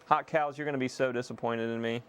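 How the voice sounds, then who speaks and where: A young man casually chatting to viewers on a live stream while repairing a console, excitable and swearing freely. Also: medium pitch, fast, clear, resonant tone. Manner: excitable, swears, self-deprecating laughs.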